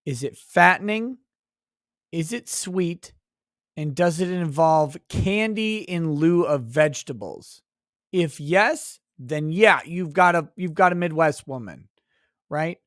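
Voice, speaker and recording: A man's voice: fairly high pitch, expressive, slow, a bit bright, dry recording. A man holds forth on a livestream in a loose, profane rant. He is mocking and exasperated, swearing freely. The sound is dry, with no room around it. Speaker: livestream host.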